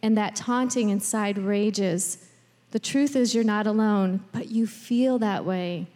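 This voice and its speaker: A woman's voice: medium pitch, slow, mellow. A female pastor preaching a sermon in an earnest, personal way. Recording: hall reverb.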